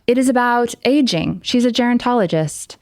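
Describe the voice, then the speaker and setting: Laughing, animated woman podcast guest. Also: a little high, normal speed, dry recording, studio quality. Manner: laughs often, animated storytelling. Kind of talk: casual interview chat. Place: podcast studio. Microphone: studio headphones and mic.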